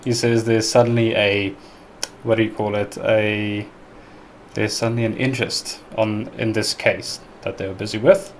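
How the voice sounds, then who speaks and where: A man's voice: on the low side, flat delivery, normal speed, slight background noise. A man from South Africa with a South African accent, casually reacting to and translating clips with a chatty, hesitant manner. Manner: chatty, hesitant, laughs easily. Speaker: reaction video host.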